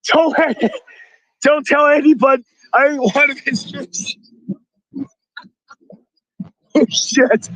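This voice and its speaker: Excitable high-voiced man with a strained voice. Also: slow, no echo, poor audio. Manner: excitable, exclaims often, shouts thanks. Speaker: livestreamer thanking donors. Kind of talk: excited live-stream chatter reading donations. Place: outdoors at a street rally.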